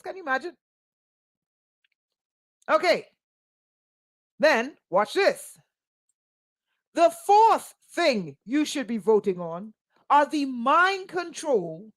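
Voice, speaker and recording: A woman's voice: sits high, sing-song, slow, pauses often. A woman, a spiritual teacher delivering an impassioned monologue full of rhetorical questions and sarcastic asides.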